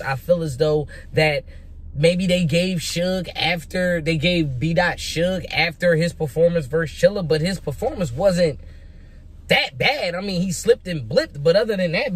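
A young man giving casual, hyped commentary as a vlogger, animated and emphatic, with rhetorical questions and repeated words. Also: high voice. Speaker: vlogger making predictions.

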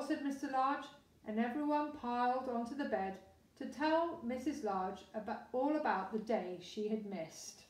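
A woman with a fairly high voice reads a children's storybook aloud, lively and expressive. The recording has a roomy echo, with the mic some way off. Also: measured pace, distant mic. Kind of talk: storybook reading.

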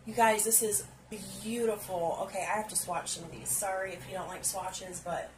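Seated on a stool indoors at home, a woman unboxes makeup on camera in casual chat, gushing, exclaiming, and speaking directly to viewers. Her mid-range voice is steady and at normal speed, with background noise audible.

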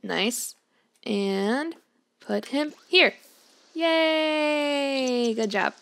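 A woman talks through her game session from home in a loose, chatty way, giggling and scolding the characters on screen. Her voice sits a little high, with a noticeable gravelly fry at the ends of phrases. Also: animated, measured pace. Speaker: gameplay streamer. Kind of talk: casual let's-play commentary. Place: home room.

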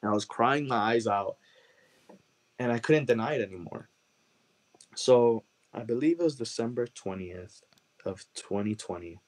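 A man's voice: mid-range voice, expressive, normal speed, long pauses. A man from Chicago, a guest telling an emotional personal testimony in an earnest way and repeating phrases for emphasis. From Chicago, USA.

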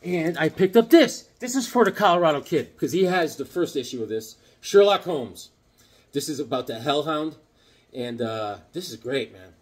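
A man in his fifties chatting casually about comic books to his viewers in a jokey, rambling, excitable way. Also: fairly high pitch, normal speed. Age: 50s. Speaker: comic book vlogger. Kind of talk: casual chat to camera.

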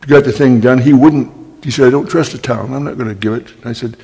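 Older guy telling wry stories at a library talk, raspy, lots of throat clearing, echoey hall. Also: mid-range voice, a little fast, dark tone. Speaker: guest speaker. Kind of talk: storytelling talk. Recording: long hall reverb.

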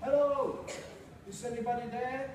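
A man's voice: fairly high pitch, sing-song, moderate pace, pitched below the performer's own voice. A man reading a storybook aloud and voicing a small, hungry female mouse who politely asks for a home. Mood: pleading. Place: school hall. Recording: echoey hall, mic far off, noisy.

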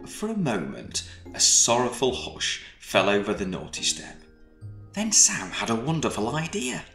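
A man reads a children's storybook aloud in an expressive, storytelling way. He takes his time, and his pitch swings widely. His bright voice rings in an echoey room, with faint music underneath. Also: a little slow, gravelly. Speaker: storybook reader. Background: faint background music.

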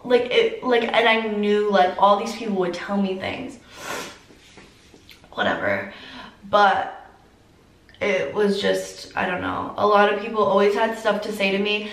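A teenage girl vlogger telling a personal story through tears, filler-heavy and halting. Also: on the high side, echoey room, recorded from a distance, poor audio. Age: teens. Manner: tearful, heavy use of "like". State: crying. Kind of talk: emotional storytime.

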